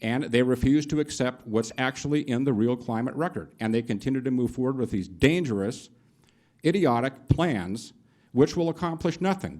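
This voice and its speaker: A man's voice: mid-range voice, a little mellow. Indignant man at a public meeting. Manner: indignant, emphatic. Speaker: public commenter. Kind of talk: public testimony. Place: county board meeting room.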